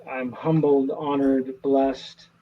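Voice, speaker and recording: A middle-aged man, an actor, telling stories in a casual interview, earnest and animated with many restarts. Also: mid-range voice, slow pace, highs cut off.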